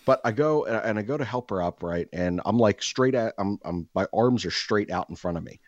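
A man co-hosting a podcast, telling a profane story in a casual, animated way and acting out what people said. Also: on the low side, brisk, dry recording, muffled recording. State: out of breath. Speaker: podcast co-host.

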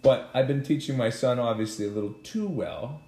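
A man co-hosting a podcast, chatting casually with his wife, teasing and joking with animated exclamations. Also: mid-range voice, brisk. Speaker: podcast co-host. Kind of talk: casual bickering chat. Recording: echoey room.

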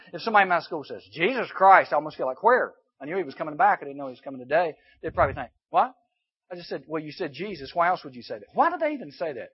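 High-voiced animated man preaching. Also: breathy edge, muffled recording. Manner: animated preaching, rhetorical questions, dips to quiet asides. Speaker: youth speaker. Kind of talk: sermon to junior high students.

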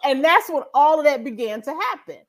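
A woman with a fairly high voice shares a personal faith story on a podcast. She talks casually and with life, dropping into the voice of her own past prayers as she goes. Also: expressive, fairly quick. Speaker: podcast co-host.

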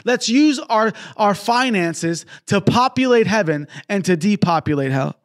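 A man's voice: sits high, animated, a little slow. A traveling male preacher telling a personal story and appealing for donations in a fervent broadcast sermon, often breaking in with praise. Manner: fervent, peppered with exclamations of praise; storytelling with quoted dialogue.

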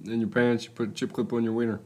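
A man's voice: mid-range voice, level tone, fast, warm tone. A young man co-hosting a casual podcast, giving dry, brief answers. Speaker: podcast co-host. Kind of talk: casual crude chat.

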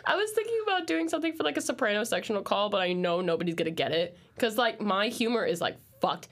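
A young adult woman hosting a casual podcast chat, telling stories in an animated, giggly way and swearing often. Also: medium pitch, fast talker. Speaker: podcast host.

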